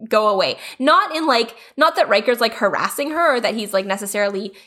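A woman's voice: fairly high pitch, expressive, quick pace, bright, forceful tone. A woman co-hosting a podcast, chatting casually about a TV episode with many fillers and laughs. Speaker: podcast co-host. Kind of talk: casual chat recapping a TV episode.

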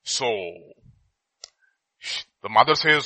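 A middle-aged man telling a story in a sermon, swinging between loud and hushed. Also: a little high, animated, moderate pace, dry recording, rough recording.

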